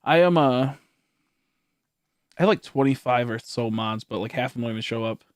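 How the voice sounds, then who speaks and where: A man's voice: medium pitch, normal speed, clear, resonant tone, no echo, clean studio sound. A man in his late twenties, a streamer chatting casually to his viewers, rambling with lots of laughs, swearing and stammered restarts. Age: late 20s. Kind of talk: casual livestream chat.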